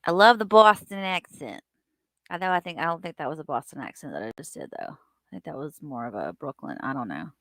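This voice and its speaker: A woman's voice: a bass voice, very animated, fast talker, creaky, a bit bright, dry recording, studio quality. Chatty woman hosting a livestream. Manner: chatty, greets viewers by name. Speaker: livestream host. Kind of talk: casual livestream chat reading viewer comments.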